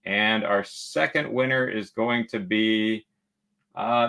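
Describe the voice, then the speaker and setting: A man's voice: fairly low pitch, takes it slowly, sharp tone. A man hosting a casual travel livestream, chatty and joking as he reads viewer comments aloud. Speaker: travel channel host.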